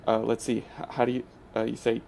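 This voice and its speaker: A man hosting a gaming channel, talking through gameplay in a casual, hesitant way with many pauses and restarts. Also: medium pitch, flat delivery, creaky, a little mellow, a little hiss or hum. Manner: hesitant, full of uh fillers and restarts.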